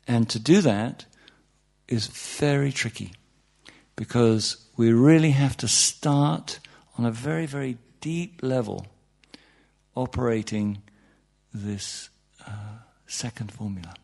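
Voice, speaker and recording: A man's voice: medium pitch, takes it slowly, creaky, darkish tone. A man giving an informal, humorous talk on meditation to an audience, full of asides and "you know"s, his voice jumping up for emphasis. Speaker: meditation teacher.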